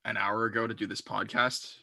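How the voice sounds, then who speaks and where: A man's voice: on the low side, level tone, fairly quick, creaky, sharp tone, no echo. A man co-hosting a podcast, bantering playfully in casual chat. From Canada. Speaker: podcast co-host.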